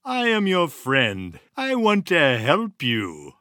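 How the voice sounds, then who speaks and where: A man's voice: on the high side, wildly swooping pitch, takes it slowly, bright, forceful tone, dry recording, studio quality, voice pushed up, full character voice. A man voicing a sly male fox who sweet-talks in a coaxing, friendly tone for a storybook.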